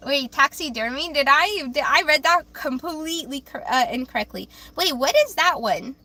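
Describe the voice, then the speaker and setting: Young female tarot streamer, casual and self-deprecating, bright tone. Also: high voice, expressive, normal speed. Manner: rambling, self-deprecating, stumbles over words. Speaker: livestream tarot reader. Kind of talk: casual livestream chat reading comments.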